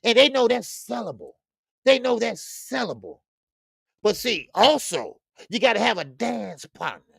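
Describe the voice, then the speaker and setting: A man hosting a boxing talk stream, speaking casually and loudly, cursing freely, repeating himself and reading viewer comments aloud. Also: extremely high pitch, measured pace, vocal fry, dry recording, clean studio sound. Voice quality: loud, animated, profane, repeats himself. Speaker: boxing show host.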